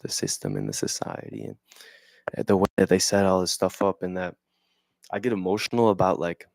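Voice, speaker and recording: A young man with a very low voice talks straight into a dry, close mic. He rambles in slang, reads a bit of text aloud and keeps checking in with "right?". His delivery is loose and conversational. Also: big pitch swings, fairly quick, creaky, dry recording. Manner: reads passages aloud then riffs on them. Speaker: vlogger. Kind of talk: casual explanatory monologue.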